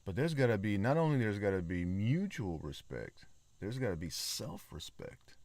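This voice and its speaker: A man's voice: fairly low pitch, big pitch swings, normal speed, darkish tone, dry recording. A man hosting his own podcast, talking in a casual, rambling solo monologue with many fillers and repeats. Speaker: podcast host.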